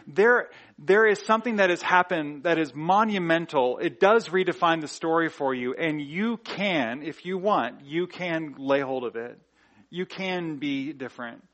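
Male pastor, relaxed conversational preaching, lots of "like" and restarts, a touch higher-pitched. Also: unhurried. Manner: conversational, frequent "like" fillers and restarts, rhetorical questions. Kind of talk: sermon.

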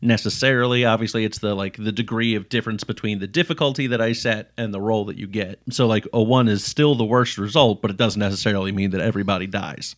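A man's voice: on the low side, steady tone, quick pace, hardly any pauses. A man narrating as game master of a tabletop game, explaining in a casual, stop-start way.

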